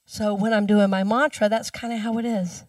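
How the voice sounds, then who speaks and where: A woman's voice: mid-range voice, flat delivery, moderate pace, no echo. Woman, minister, conversational sermon, dry sound, bit distant from mic. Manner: conversational storytelling, speaks the mantra softly.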